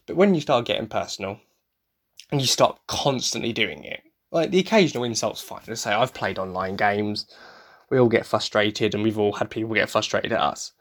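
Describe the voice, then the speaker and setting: A man's voice: on the low side, normal speed, fairly bright tone. A young man from the UK, a podcast host, tired and talking in a casual, rambling, frank way, swearing freely and laughing often. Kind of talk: casual solo chat.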